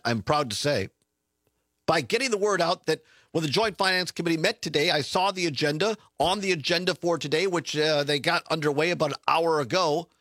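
Chatty radio host, dry studio. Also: male voice, on the high side, dry recording. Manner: chatty, sarcastic, lively asides. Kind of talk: political talk radio monologue.

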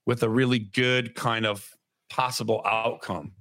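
Man, podcast co-host, sarcastic, rambling, casual chat, mid pitch, dry. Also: fairly even intonation, unhurried, fairly bright tone, no echo.

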